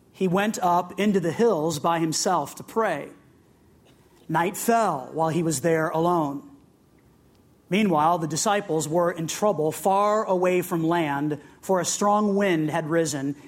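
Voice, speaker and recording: Conversational preacher reading scripture. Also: mid-range voice. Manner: conversational, with humorous asides and laughs; asks the audience direct questions.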